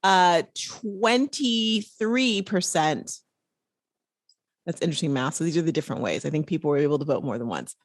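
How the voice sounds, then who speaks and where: A woman hosting a podcast, chatting casually and playfully, with quick asides. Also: low voice, expressive, dry recording. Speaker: podcast host.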